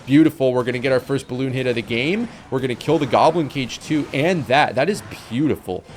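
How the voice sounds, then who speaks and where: A young man giving casual commentary on his own game, chatty and rambling, with sudden excited outbursts. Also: medium pitch, fairly quick, slight background noise. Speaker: gameplay commentator.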